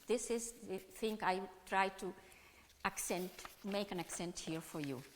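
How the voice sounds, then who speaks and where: A woman music educator giving a conference talk, with halting, non-native phrasing, often turning to question her audience. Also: fairly high pitch. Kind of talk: conference presentation. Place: conference hall. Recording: long hall reverb.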